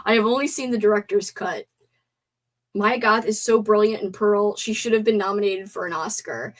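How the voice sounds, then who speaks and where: A young woman hosting a casual live stream movie talk, animated, swearing and gasping as she reads out chat comments. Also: medium pitch, normal speed.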